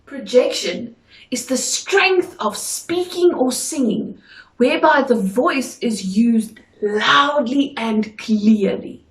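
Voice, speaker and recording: Female drama coach, slow and deliberate, clearly articulated, fairly high voice. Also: expressive. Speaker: drama teacher. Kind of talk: instructional video lesson. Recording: echoey room.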